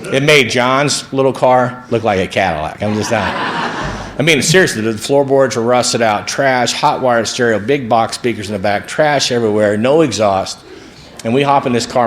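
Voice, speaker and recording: A man's voice: medium pitch, slight background noise. A man from St. Louis sharing his recovery story at a sobriety convention, acting out the dialogue as he goes. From St. Louis, Missouri. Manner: storytelling, acts out dialogue with rising energy. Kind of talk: recovery talk to a live audience. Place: event hall at a sobriety convention.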